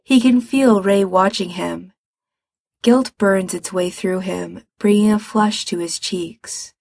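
A woman reading fiction aloud in a calm, measured way. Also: mid-range voice, vocal fry, dry recording, clean studio sound. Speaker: reader.

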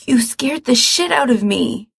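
A woman voicing a sick, weary young man who scolds his brother in sharp, exasperated words. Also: a little high, animated, unhurried, vocal fry, slightly rough, no echo, voice pushed up, exaggerated voice.

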